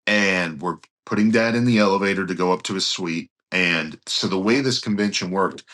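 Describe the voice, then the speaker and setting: A man with a deep, low voice tells a story as a guest in conversation. He speaks earnestly and with animation, slipping into the voices of people in his story. He sometimes restarts a phrase mid-thought. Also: normal speed. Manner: animated, acts out others' speech while retelling. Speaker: pastor, guest.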